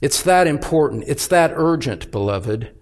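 A man's voice: a little high, lively intonation, a little slow. A man preaching a sermon as pastor, earnest and urgent, pressing each point with emphasis.

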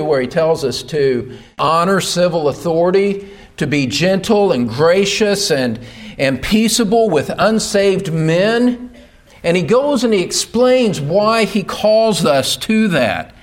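A male pastor delivers a sermon from the pulpit in a high voice, taking his time over each phrase. He speaks with emphasis and builds toward loud rhetorical questions. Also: expressive, a little slow. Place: church pulpit.

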